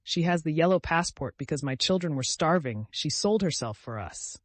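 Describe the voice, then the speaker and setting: A man voicing a desperate, consumptive mother who pleads and accuses in shrill, hoarse outbursts. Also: sing-song, normal speed, no room sound. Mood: desperate pleading.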